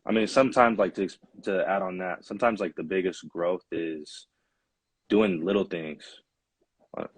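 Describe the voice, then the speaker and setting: Young guy hosting a podcast, real low voice, dry sound, laid back. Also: normal speed, breathy edge, no echo. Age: young adult. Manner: relaxed, steering the talk. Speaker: podcast host. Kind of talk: casual chat.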